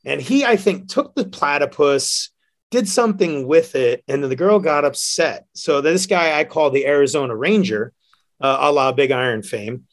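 A man's voice: a little high, normal speed. Chatty man telling bar stories. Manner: animated, laughs often, acts out quotes. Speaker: bartender guest. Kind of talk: casual storytelling.

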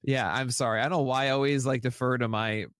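A man's voice: medium pitch, fairly even intonation, quick pace, fairly bright tone, clean tone, no room sound. A man co-hosting a fantasy baseball podcast, talking in a casual, enthusiastic and jokey way.

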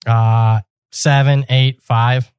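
A man on a sports betting panel who answers questions plainly and is quick with figures and stats. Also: mid-range voice, little pitch movement, a little mellow, clear, resonant tone, dry recording. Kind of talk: sports betting roundtable chat.

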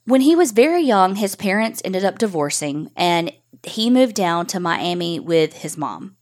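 A woman's voice: fairly low pitch, big pitch swings, measured pace. A woman co-hosting a podcast, telling a true-crime story in a chatty, frank way with casual swearing. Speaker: podcast co-host.

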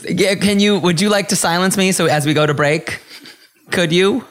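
A man's voice: high voice, measured pace. A man hosting a podcast in a casual chat, playful, giggly and camp. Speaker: podcast host.

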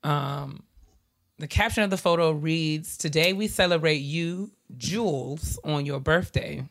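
A woman co-hosting a podcast, calmly laying out background details in casual chat. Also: low voice, gravelly. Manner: measured, reads out details. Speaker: podcast co-host. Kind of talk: casual chat, recounting news.

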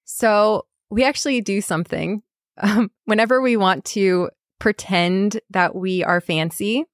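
A woman's voice: mid-range voice, dry recording, studio quality. A young American woman, an English teacher on a podcast as a guest, chatting in a bubbly, laugh-filled way with lots of "like" and "you know". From United States. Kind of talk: casual chat.

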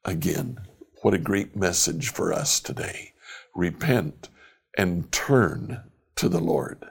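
Male Bible teacher, unhurried and earnest, with a gravelly edge. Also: deep voice, expressive. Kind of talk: devotional commentary.

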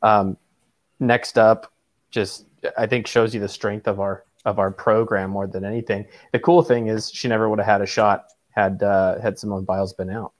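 A man co-hosting a podcast in casual chat, speaking with a somewhat low pitch. He is hesitant and often stops to correct himself. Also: level tone, moderate pace. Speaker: podcast co-host.

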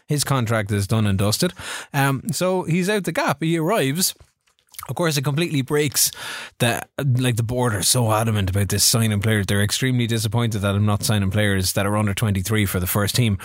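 A man's voice: on the low side, dry recording, clean studio sound. A man co-hosting a podcast, chatting casually and animatedly about his football management game save. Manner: animated storytelling, quick bursts, rising in surprise. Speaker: podcast co-host.

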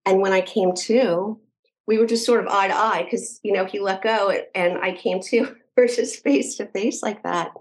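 A woman's voice: medium pitch, steady tone, moderate pace, poor audio. A middle-aged woman, a podcast guest, earnestly retelling a personal story in detail with frequent restarts.

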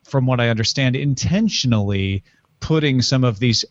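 Talking over a novel's themes as a podcast co-host, this man has a mid-range voice and a normal speaking speed. His casual book talk is thoughtful and long-winded, packed with fillers. There's no room sound, though the audio comes across muffled.

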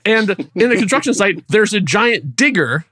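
Animated high-voiced man telling a story. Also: moderate pace, no room sound, clean studio sound. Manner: animated storytelling, acts out his own reactions. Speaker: podcast co-host. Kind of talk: casual chat.

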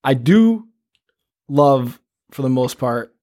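A man's voice: mid-range voice, sing-song, takes it slowly, darkish tone. A young man co-hosting a horror podcast in casual chat, blunt and emphatic, laughing along. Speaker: podcast co-host.

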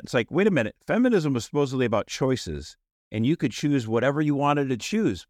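Man, podcast co-host, animated, laughing, mid-pitched, dry studio sound. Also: moderate pace, no room sound. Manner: animated, laughs often, acts out quotes. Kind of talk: casual panel discussion.

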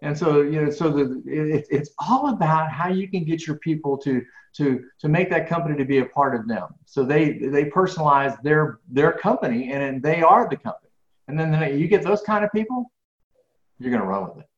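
A man's voice: on the high side, brisk. A man telling stories in an interview, acting out dialogue with lots of repeated words. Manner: animated storyteller, acts out dialogue, repeats words. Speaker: professional speaker, guest. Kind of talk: storytelling interview answers. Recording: echoey, dull lo-fi audio.

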